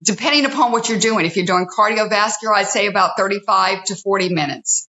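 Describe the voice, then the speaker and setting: A woman's voice: mid-range voice, brisk, sharp tone. A woman who hosts a fitness TV show, talking earnestly in an interview and counting off her points one by one. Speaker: fitness TV host, guest. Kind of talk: casual interview talk. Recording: roomy, slightly dull sound.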